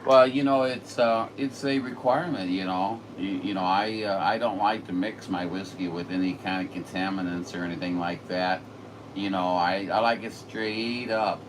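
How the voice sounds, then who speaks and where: In a low, steady voice at a moderate pace, a man working as a radio operator makes casual, rambling conversation, folksy and heavy on fillers. The audio comes from a distant microphone amid room noise.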